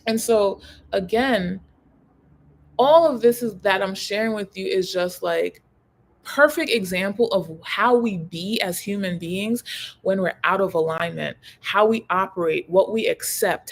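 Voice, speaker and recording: A woman in her thirties speaks straight to her viewers as a coach, casual and slangy. She hammers points home by repeating words, with a voice of middling pitch and an easy, unpolished flow. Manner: emphatic, repeats key words, slangy and conversational. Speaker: human design coach. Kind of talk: casual direct-to-camera talk.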